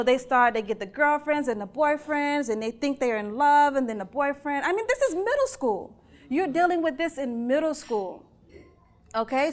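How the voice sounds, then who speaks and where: Delivering a keynote, a woman speaks in a high voice with a chatty, earnest style, repeatedly putting questions to her audience.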